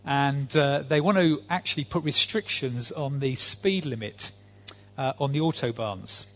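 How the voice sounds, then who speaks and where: A man's voice: medium pitch, unhurried. A man, a visiting preacher giving a sermon in a conversational, dry-humored way with frequent fillers.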